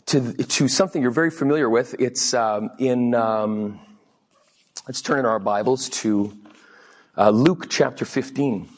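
A man delivers a sermon in an easy, conversational way, telling stories and slipping into lively voices when he quotes people. His voice has a husky, breathy edge at a middling pitch. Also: a little slow. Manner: chatty and anecdotal, quoting people in lively voices. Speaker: guest preacher.

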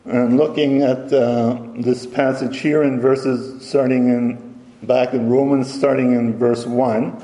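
Slow-speaking man preaching in an echoey hall. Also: mid-range voice, steady tone, warm tone. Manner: slow, deliberate reading with self-corrections. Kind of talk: sermon. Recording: echoey hall with long reverb.

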